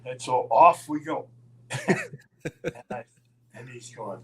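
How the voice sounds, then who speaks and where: An older man telling a long, rambling road anecdote in a casual live chat, chuckling and halting as he goes. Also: medium pitch, fairly bright tone, slight background noise, rough recording. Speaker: guest storyteller.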